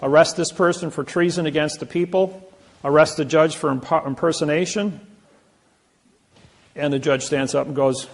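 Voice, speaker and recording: Gravelly guy lecturing a seminar, voice a bit high, rambles and acts out who said what. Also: fairly even intonation, moderate pace. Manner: storytelling, acting out courtroom dialogue; rambling, self-correcting. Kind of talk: informal lecture with anecdotes.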